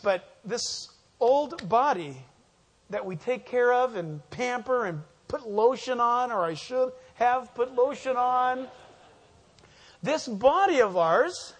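A man's voice: extremely high pitch, slightly rough. A male pastor giving a verse-by-verse Bible teaching, emphatic and quizzing the congregation with fill-in questions.

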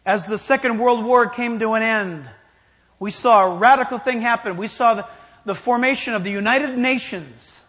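A man's voice: very high-pitched, normal speed, a bit bright. A man preaching a sermon in an emphatic style, challenging his listeners directly. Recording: long hall reverb.

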